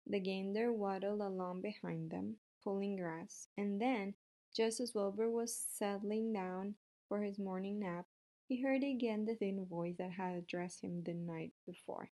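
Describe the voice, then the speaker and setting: A woman reading a children's book aloud in a steady way, with the odd small slip. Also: mid-range voice, a little slow. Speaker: reader.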